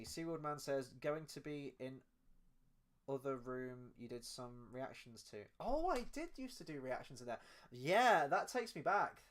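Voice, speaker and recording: A young adult man with a mid-range voice co-hosts a relaxed film review chat. He rambles, circling back and restarting his thoughts with plenty of fillers. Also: mid-range voice. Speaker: podcast co-host.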